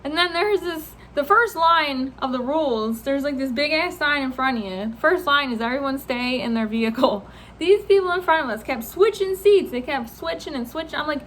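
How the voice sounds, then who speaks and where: Young woman vlogging, high voice, animated, laughs a lot, swears, faint hiss behind. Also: moderate pace. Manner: animated, laughing, swearing freely, acting out quotes. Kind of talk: casual storytelling vlog.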